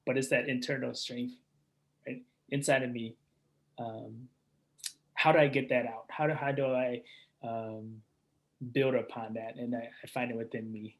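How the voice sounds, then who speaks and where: A man's voice: mid-range voice, fairly even intonation, measured pace, long pauses. A man, a performance coach, chatting energetically as a podcast guest and often checking in with "right?". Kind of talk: casual interview chat.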